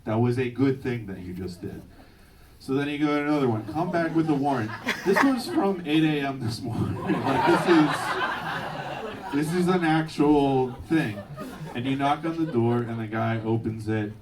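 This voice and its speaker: A young man doing a stand-up comedy set with a punchy, energetic delivery, laughing along. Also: mid-range voice, normal speed, a crowd in the background. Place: live venue with audience. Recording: distant mic, noisy live room.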